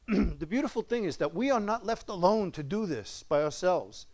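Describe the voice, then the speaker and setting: An older man gives a loose, folksy sermon, chuckling between points and firing questions at his listeners. His voice sits a little high for a man. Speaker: preacher. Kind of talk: conversational sermon.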